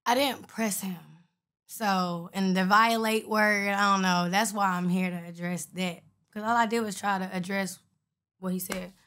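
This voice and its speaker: A woman's voice: medium pitch, fairly even intonation, normal speed, fairly bright tone. A woman rapper, a guest in an interview, casually telling stories in a blunt, profane way and acting out the other people's lines. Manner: blunt, profane, retells exchanges with quoted voices.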